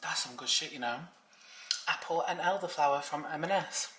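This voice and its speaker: A woman's voice: deep voice, moderate pace. A young British woman vlogging in a casual, bubbly way, talking straight to her viewers. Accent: British English. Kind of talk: casual vlog chat. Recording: echoey room with background noise.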